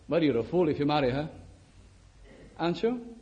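A male preacher delivering a sermon in a conversational way, peppered with rhetorical questions, often dropping to a hush. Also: a little high, big pitch swings, normal speed, dull audio.

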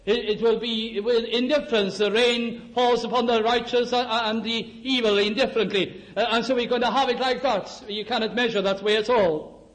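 A male preacher delivering a sermon in a conversational way, peppered with rhetorical questions, often dropping to a hush. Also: high-pitched.

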